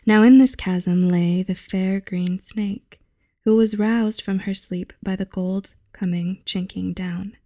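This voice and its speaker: Soft-spoken young woman reading aloud. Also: mid-range voice, steady tone, no echo, clean studio sound. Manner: soft, unhurried, often half-whispered. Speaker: channel host reading aloud. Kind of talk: reading a fairy tale aloud.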